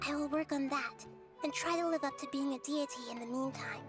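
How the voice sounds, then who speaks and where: A woman voicing a gentle, young-sounding goddess of wisdom in a video game, speaking softly and thoughtfully. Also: high-pitched, fairly quick, natural voice. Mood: earnest. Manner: soft, calm, thoughtful. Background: game music.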